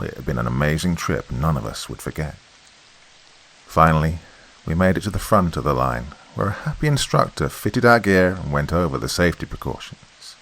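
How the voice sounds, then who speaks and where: A man narrating a horror podcast story, reading his script at a measured, steady pace. His voice is low and deep throughout, unhurried and even. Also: rough recording.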